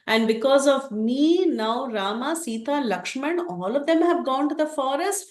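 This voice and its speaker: A woman's voice: high voice, lively intonation, a little slow, pitched above the performer's own voice. A woman voicing an anguished young prince who pleads his innocence in a raised, urgent voice, recorded in a roomy space. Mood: pleading. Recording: roomy echo.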